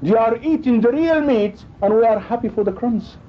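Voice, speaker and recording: A man preaching a sermon with emphasis, acting out quoted exchanges as he goes. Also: normal speed. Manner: emphatic, acts out quoted dialogue. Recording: dull lo-fi recording with faint rumble.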